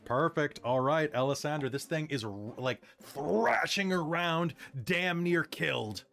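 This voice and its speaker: A man narrating as game master in a casual, animated way. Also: a little high, a little slow, gravelly.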